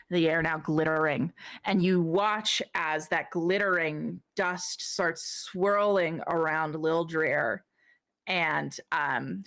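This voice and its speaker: A woman narrating a tabletop game as game master, describing scenes slowly with many fillers. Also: lowish voice, a bit bright, dry recording.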